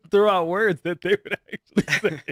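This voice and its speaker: A man hosting a casual studio interview, easygoing and quick to laugh. His voice sits a bit high. The room sounds dry and close. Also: dry recording. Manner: laid-back, laughs often. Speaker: host.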